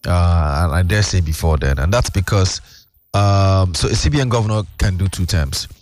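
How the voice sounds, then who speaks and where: A man's voice: low voice, normal speed, a little mellow. A man, a guest explaining financial news at length in casual chat, with many fillers. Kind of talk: casual radio-style chat.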